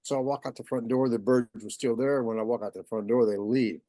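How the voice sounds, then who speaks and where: Man telling a story, lively, acts out the voices; mellow tone, dry sound. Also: mid-range voice, brisk, dry recording. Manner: animated, acts out quoted voices. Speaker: guest. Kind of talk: casual storytelling.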